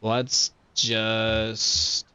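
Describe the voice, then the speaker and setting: A man's voice: on the low side, completely flat delivery, extremely slow, bright, forceful tone, clear, resonant tone, dull audio. A young man casually commentating his own gameplay, swearing often and trash-talking enemies. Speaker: gaming streamer. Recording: faint background game music.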